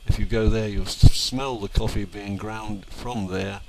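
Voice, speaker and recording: A man in his sixties from England talks over old family film, unhurried and reminiscing, pausing on fillers. His voice sits a little low. A heavy, constant hiss runs beneath it. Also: steady tone, vocal fry. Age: 60s. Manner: unhurried, with fillers and small restarts. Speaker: narrator of home movies.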